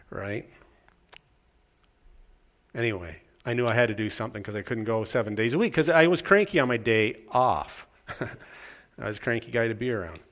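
A man's voice: mid-range voice, fairly bright tone. A middle-aged man from Canada preaching a sermon in a conversational, self-deprecating way, telling stories and acting out the voices in them. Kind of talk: sermon with storytelling.

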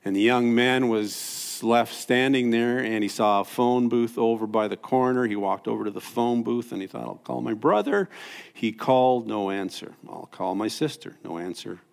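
Gravelly pastor. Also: male voice, normal speed. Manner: animated, swings from loud and high to hushed and low. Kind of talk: sermon storytelling.

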